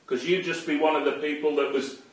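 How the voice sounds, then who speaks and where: A man's voice: on the high side, fairly even intonation, a little fast. A man ranting angrily to camera in an unscripted, profane tirade, accusing someone directly. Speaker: online commentator. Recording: very echoey room, far from the mic.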